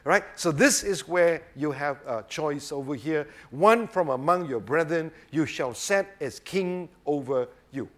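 A man's voice: on the high side, expressive, measured pace, hardly any pauses, a bit bright. Emphatic man preaching. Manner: emphatic, rhetorical, keeps asking "right?" and saying "obviously". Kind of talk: sermon.

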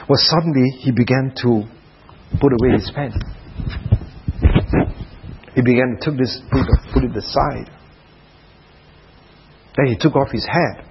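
A man preaching a sermon at a prayer retreat, dramatic, dropping to soft hushed passages. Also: medium pitch, breathy edge, dull audio.

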